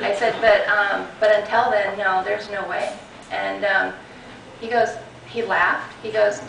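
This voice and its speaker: Bright gravelly woman speaking in an echoey room. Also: a little high, unhurried, slight background noise. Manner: animated retelling with many restarts and quoted dialogue. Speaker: guest speaker at a property-rights group meeting. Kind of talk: personal storytelling talk. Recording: echoey room recording from a distance.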